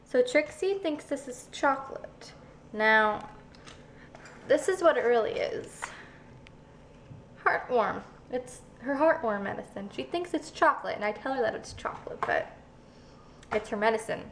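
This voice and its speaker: A woman's voice: fairly high pitch, lively intonation, a little slow, pauses often, fairly bright tone, slight background noise. A teenage girl chatting casually as she films herself at home on a handheld camera, narrating what she does. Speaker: vlogger. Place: home kitchen, indoors.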